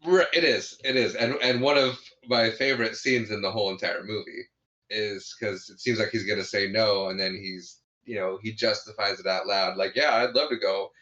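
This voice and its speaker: A man with a low voice that is bright and forceful, recapping a comedy film in a relaxed chat. He retells the scenes with lots of restarts. The recording is dull and lo-fi. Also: normal speed. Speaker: podcast co-host. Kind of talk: casual movie review chat.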